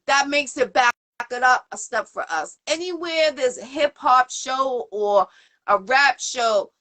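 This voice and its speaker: A woman with a high voice hosts an interview show from the Boston area, speaking at a measured pace. Her casual chat rambles cheerfully, packed with shout-outs and filler words.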